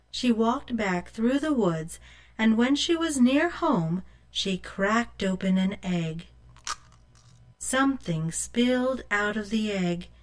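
Slow, expressive woman storyteller. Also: mid-range voice. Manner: expressive, asks the listener questions. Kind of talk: storybook read-aloud.

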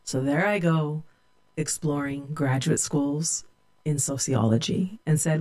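A woman's voice: low-pitched, takes it slowly, darkish tone. A middle-aged woman from California, a sociology professor, telling her own story in a reflective, candid way. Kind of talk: personal storytelling.

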